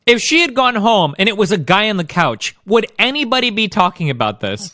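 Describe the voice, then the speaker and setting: A man's voice: sits high, very animated, brisk, pushed and bright, no echo, clean studio sound. A man streaming, ranting at his chat in a profane, combative and sarcastic way. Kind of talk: ranting reaction commentary.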